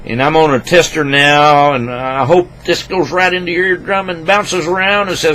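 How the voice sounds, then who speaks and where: A man ranting crudely into a computer microphone at his home desk, rambling and swinging between loud outbursts and low mutters. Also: normal speed, few pauses, a little hiss or hum, rough recording. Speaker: vlogger. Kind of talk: rambling profane rant to camera.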